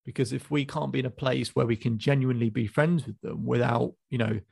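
Male life coach, gravelly, calm probing delivery, dry close sound. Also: mid-range voice, fairly quick, no room sound. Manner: calm, probing questions, hesitant restarts. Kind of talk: coaching session. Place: video call.

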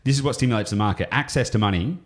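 A man's voice: mid-range voice, very fast. An Australian man explaining property investing on a podcast, enthusiastic and rambling, often going off on tangents.

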